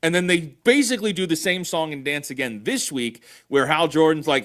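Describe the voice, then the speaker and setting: Sarcastic higher-voiced man. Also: brisk, hardly any pauses, fairly bright tone, no echo, studio quality. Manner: sarcastic, exasperated retelling. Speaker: podcast co-host. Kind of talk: casual review chat.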